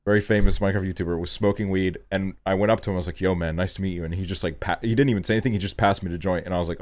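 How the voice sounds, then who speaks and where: In a dry recording, a young podcast host from Estonia talks in a low voice at a racing pace, barely pausing. His chat is loose and full of profanity, and he livens up whenever he quotes himself for fun.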